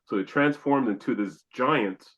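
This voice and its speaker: A man's voice: medium pitch, a little slow, fairly bright tone, muffled recording. A man from Canada, a podcast guest, telling a long personal story and acting out his own exclamations.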